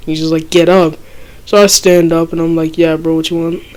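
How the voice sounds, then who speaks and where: A teenager casually telling a storytime, slangy and profane, dropping to a low mutter when quoting people. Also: level tone, fairly quick, a little mellow. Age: teens.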